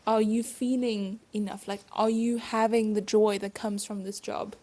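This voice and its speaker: A woman's voice: medium pitch, flat delivery, normal speed, mellow. A woman hosting her own podcast, a stage performer talking casually and reflectively with frequent asides and laughs.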